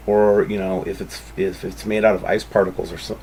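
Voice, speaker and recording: A man hosting a channel, talking casually and excitably over photos, rambling and calling out to viewers. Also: on the low side, measured pace, breathy edge. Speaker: channel host.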